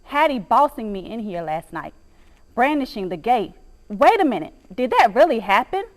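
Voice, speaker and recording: A woman with a somewhat high voice narrates an audiobook. Her reading is expressive and dramatic, told in the first person, rising and falling with the story. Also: normal speed.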